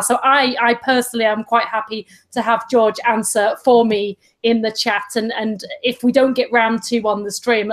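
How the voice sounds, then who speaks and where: A woman co-hosting a casual livestream chat, friendly and a little hesitant. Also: a little high. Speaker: livestream co-host.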